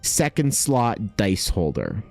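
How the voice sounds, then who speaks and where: A young man streaming casually, excitable and thinking aloud, swearing freely as he chats. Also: fairly low pitch, slow, gravelly, no room sound, soft background music. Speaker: art streamer. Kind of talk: casual livestream chat.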